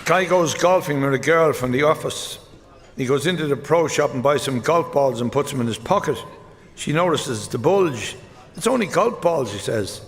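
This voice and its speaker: An Irish stand-up comedian with a medium-pitched voice tells one-liner golf jokes live on stage, deadpan and switching quickly between characters. The show was recorded in a reverberant hall, with audience noise and laughter in the background.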